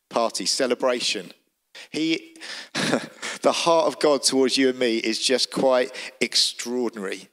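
Bright-voiced preacher. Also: male voice, mid-range voice. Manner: vivid storytelling, emphatic. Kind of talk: sermon.

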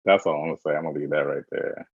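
A man co-hosting a casual pop culture chat, sassy and dismissive with drawn-out asides. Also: a bass voice, steady tone, creaky, husky, dry recording. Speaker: podcast co-host. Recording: dry, dull lo-fi sound.

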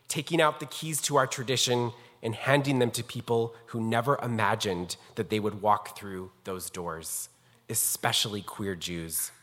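A man with a medium-pitched, slightly bright voice speaks as a rabbi, earnestly and formally telling a personal story to introduce a guest scholar. Long hall reverb fills the recording from the synagogue sanctuary.

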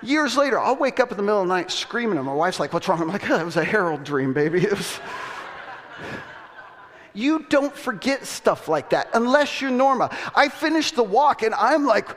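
A male pastor telling a story in a sermon, acting out voices with laughter and animated delivery. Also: extremely high pitch, normal speed. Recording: long hall reverb.

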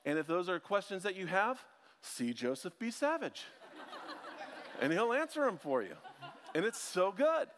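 A man's voice: high-pitched, sing-song, a little slow, long pauses, a bit bright, a little hiss or hum. A man preaching a casual conversational sermon, chatty and joking, with self-deprecating asides as a ministry school teacher. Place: church sanctuary. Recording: long hall reverb.

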